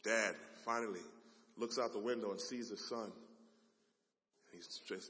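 A man preaching a sermon as a dramatic story, swinging from loud passages to hushed ones. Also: fairly low pitch, moderate pace. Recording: long hall reverb.

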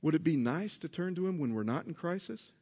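A man delivering a sermon with a slightly higher-than-usual voice. He drops to hushed, low passages, then climbs into loud, emphatic ones. He keeps putting questions to his listeners. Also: lively intonation, a little fast, slightly rough. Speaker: pastor.

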